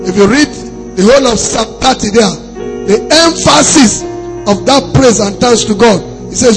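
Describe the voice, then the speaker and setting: High, gravelly male preacher. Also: moderate pace, music in the background, poor audio. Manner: emphatic, repeats phrases, rises to shouts. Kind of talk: sermon.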